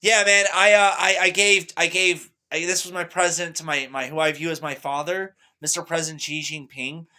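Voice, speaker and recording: A young man rambling boastfully to camera, excitable, swinging between loud bursts and mutters. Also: on the high side, moderate pace, few pauses. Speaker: vlogger.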